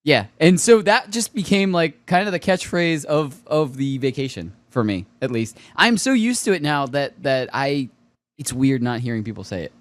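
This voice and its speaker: A man co-hosting a casual pop culture podcast, telling stories with lots of laughter and excitement. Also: a little high, normal speed, no room sound. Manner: excitable storyteller, laughs often. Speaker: podcast co-host. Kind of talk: casual chat.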